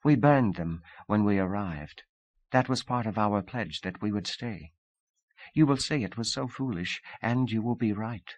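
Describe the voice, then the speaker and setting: A man's voice: fairly low pitch, measured pace, darkish tone, natural voice. A man voicing a proud young woman who speaks in a formal, stiff way. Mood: wistful. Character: proud young Russian woman, imperious then charming.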